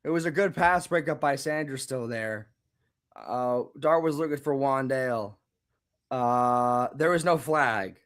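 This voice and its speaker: A man reacting live to a football game, swinging from low muttering to angry shouting and repeating words. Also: unhurried. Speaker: fan reaction streamer.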